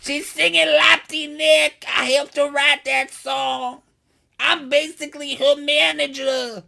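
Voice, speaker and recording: A man voicing a flamboyant, whiny male alien crime boss, done in a high gravelly put-on voice. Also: little pitch movement, slow pace, sharp tone, heavily acted. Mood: indignant.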